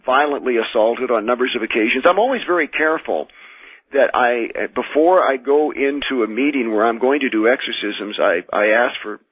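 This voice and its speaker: An American minister and exorcist, a man, telling his experiences as a radio guest in an earnest, measured way, often restarting his sentences. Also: medium pitch, breathy edge, dry recording. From United States. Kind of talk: radio call-in interview, recounting experiences. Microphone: telephone. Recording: tinny phone line.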